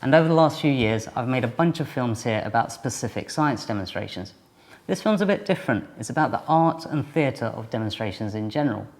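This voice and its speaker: Chatty science teacher presenting. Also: male voice, medium pitch, lively intonation, fairly quick. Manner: chatty, informal, self-deprecating. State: a bit out of breath. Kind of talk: documentary presenting to camera. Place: outdoors on a mountain top.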